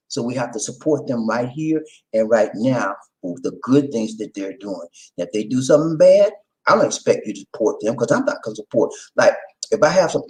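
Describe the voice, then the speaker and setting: A man hosting his own video channel, talking casually straight to his viewers, shouting out names and preaching about community. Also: a little high, low-quality recording. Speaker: vlog host. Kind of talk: casual direct-to-camera chat.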